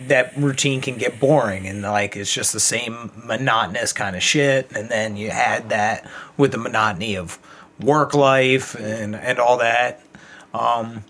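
A man's voice: medium pitch, measured pace, a bit bright, slight background noise. Guy hosting, chill, asks thoughtful questions, bit of swearing. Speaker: podcast host. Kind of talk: casual chat.

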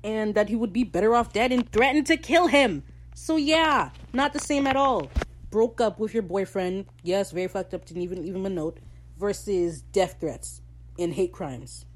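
A woman hosting a podcast, recapping a show in casual, sarcastic, animated rants full of slang. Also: medium pitch, normal speed, a little hiss or hum. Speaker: podcast host.

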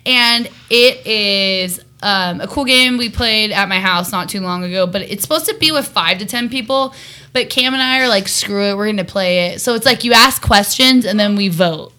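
A woman's voice: medium pitch, moderate pace, bright, forceful tone. A young woman co-hosting a podcast, chatting casually over wine, rambling and laughing often. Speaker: podcast co-host. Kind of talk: casual chat.

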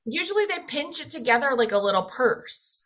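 Woman, middle-aged, from Massachusetts, comedy writer guest, articulate diction, laughs easily, bright voice. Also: high voice, sing-song, a little fast. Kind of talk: casual chat.

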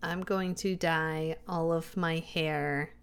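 A woman playing a tabletop role-playing game, talking casually in and out of character with playful, halting restarts. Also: sits low, steady tone, gravelly, clear, resonant tone. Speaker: player.

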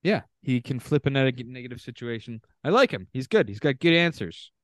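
A man's voice: mid-range voice, lively intonation, fairly quick, dry recording. A man from Canada co-hosting a casual podcast, reading contestant bios aloud with offhand asides. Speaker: podcast co-host.

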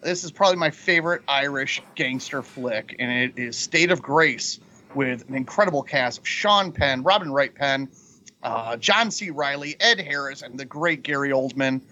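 A man's voice: medium pitch, animated, normal speed, pushed and bright. A man cohosting a podcast, presenting a segment in a jokey, hesitant way with many fillers. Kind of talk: casual podcast banter. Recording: dull lo-fi mic.

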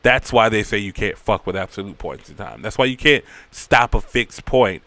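A man casually recapping a story, rambling, profane and animated. His voice is bright and crisp, and the sound is dry and close. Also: lowish voice, normal speed, no echo.

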